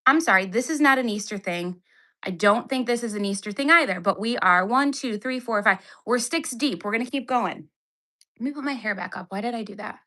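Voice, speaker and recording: A woman's voice: medium pitch, pushed and bright. A woman in her thirties hosting a casual livestream unboxing from home on a phone, talking in an exasperated, sarcastic, chatty way. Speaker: livestream host. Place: home, indoors.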